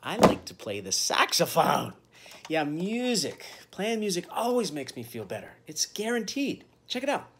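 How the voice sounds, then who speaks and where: A middle-aged man reading a children's picture book aloud in a friendly, animated storytelling manner. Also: high-pitched, moderate pace, slight background noise. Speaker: guest reader.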